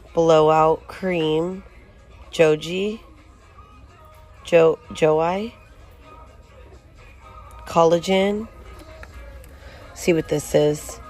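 A woman narrating a casual shopping walkthrough, chatting as she reads out prices and product labels. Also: fairly low pitch. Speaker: shopping vlogger. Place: inside a large retail store.

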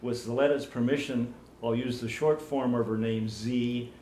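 A man working as an archivist, conducting an oral history interview in a formal, measured way in a library community room. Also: medium pitch, steady tone, warm tone. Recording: roomy room, faint background noise.

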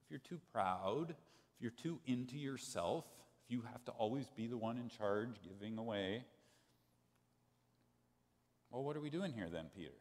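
A man preaching a sermon as pastor, telling a story in an animated way and acting out the quoted voices. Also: mid-range voice, normal speed, pauses often. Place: church sanctuary. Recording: long church hall reverb.

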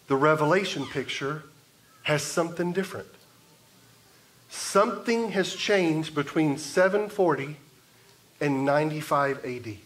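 A man preaching a sermon as pastor, in a measured way, building emphasis through repetition. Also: fairly high pitch, fairly bright tone. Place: church sanctuary.

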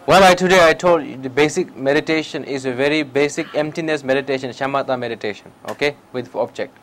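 A meditation teacher with a mid-range, fairly bright voice speaks fast in a public talk, heard through a low-quality recording with a little hiss or hum. He uses simple, broken English, repeating short phrases and putting direct questions to his listeners.

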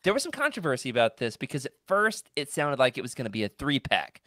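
A man co-hosting a podcast, bouncing through a joking, playful chat with a lively, swinging pitch. His voice sits at an ordinary middle height and sounds dry and close, with no room around it. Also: fast talker, no room sound. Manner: joking, animated, laughs often. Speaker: podcast co-host. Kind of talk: casual chat.

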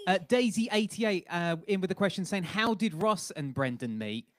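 A man's voice: sits high, animated, normal speed, a little hiss or hum. A man reading out viewer comments for a livestream, hesitant and full of fillers.

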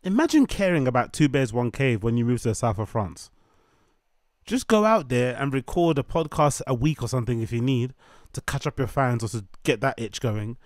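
A man's voice: mid-range voice, lively intonation, normal speed, a little mellow, dry recording. Man ranting in dry commentary. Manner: ranting, mocking, repetitive lists. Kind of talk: opinionated commentary.

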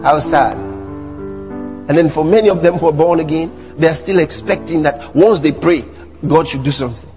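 High-voiced Nigerian preacher over music. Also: male voice, moderate pace, in a large hall. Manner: animated preaching, mocking asides to the congregation. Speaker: pastor. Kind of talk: sermon. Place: church. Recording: music playing behind the sermon.

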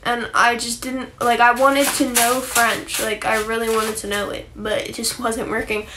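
A woman's voice: fairly high pitch, flat delivery, normal speed, noisy background. A young woman chatting casually on a phone livestream, rambling with lots of likes and ums and casual swearing.

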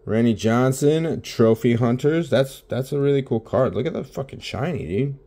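A man's voice: medium pitch, expressive, moderate pace, dark tone. A young man casually talking through opening packs of baseball cards in his home office, swearing constantly and mumbling because he is short on sleep. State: sleep-deprived. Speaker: card opening vlogger. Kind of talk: casual card-opening commentary.

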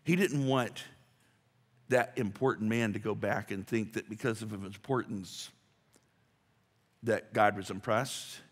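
A man's voice: fairly low pitch, unhurried, long pauses, slightly rough. Man preaching in a reverberant church. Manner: conversational, rising to emphatic rhetorical questions. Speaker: pastor. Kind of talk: sermon. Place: church sanctuary. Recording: long hall reverb.

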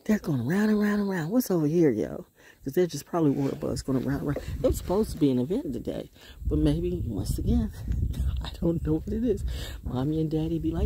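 A middle-aged woman chats into a handheld phone as she walks alone outdoors. Her voice is mellow and warm, with a faint hiss behind it. She rambles loosely and often sinks into soft, hushed asides. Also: low voice, animated, moderate pace, long pauses. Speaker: vlogger. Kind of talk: casual walking monologue. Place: outdoors in nature.

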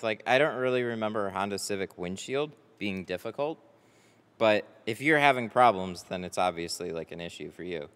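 Brisk and animated, this man's fairly low, clean-toned voice rambles casually to his livestream audience, packed with fillers. He installs window tint, speaks into a headset, and his words fade into the long reverb of a tint workshop.

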